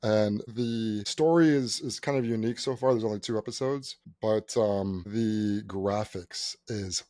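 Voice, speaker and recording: A man's voice: on the low side, unhurried, dark tone, no echo. A man co-hosting a casual podcast, swinging his voice up and down as he tells a story and acts out the people in it. He swears freely and laughs through his telling. The sound is close and dry, with no room around it. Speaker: podcast co-host.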